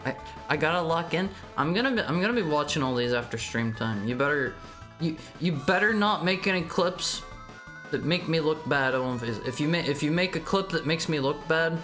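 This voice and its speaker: A woman's voice: sits low, animated, a little fast, fairly bright tone. A woman streaming a video game, chatting playfully and teasing her chat. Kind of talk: casual game-stream commentary. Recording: game music playing behind.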